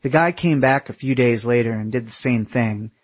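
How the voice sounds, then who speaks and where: Husky male memoir narrator, wry and candid, dry close-miked read. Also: mid-range voice, normal speed, no echo. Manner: wry, candid, casual swearing. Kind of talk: first-person memoir narration.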